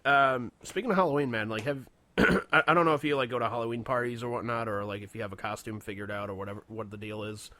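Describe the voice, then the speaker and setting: A man's voice: mid-range voice, quick pace, sharp tone. A man co-hosting a podcast in casual chat, loose and profane and laughing often. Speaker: podcast co-host.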